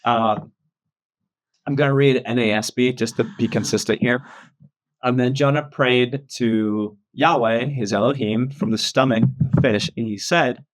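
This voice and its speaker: A man's voice: mid-range voice, steady tone, a little slow. Chatty man teaching a casual Bible study. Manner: chatty, laughs often, many fillers like "um" and "like".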